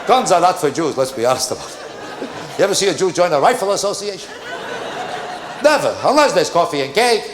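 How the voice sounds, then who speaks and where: An older man doing a stand-up comedy routine on a theater stage, animated and acting out exasperated characters. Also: sits high, a loud crowd. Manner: animated, rapid, acts out exasperated characters mid-bit. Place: theater stage with a live audience. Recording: echoey live theater with audience noise. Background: audience laughter.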